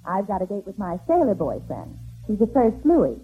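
A woman's voice: medium pitch, huge pitch swings, faint music behind. A sassy, teasing young woman. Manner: slow, teasing put-down delivery. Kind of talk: 1940s radio comedy acting. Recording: tinny old radio broadcast.

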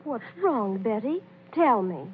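A soothing young newlywed friend. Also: female voice, fairly high pitch, sing-song, slow pace, slight background noise. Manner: soothing, reassuring. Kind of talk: 1930s radio ad acting. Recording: tinny old radio broadcast.

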